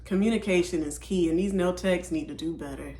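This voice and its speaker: A woman's voice: on the low side, a little fast, warm tone. A woman hosting a reaction video, commenting casually and talking straight to her viewers. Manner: chatty, talks straight to viewers. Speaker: host reacting to clips. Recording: echoey room with faint noise.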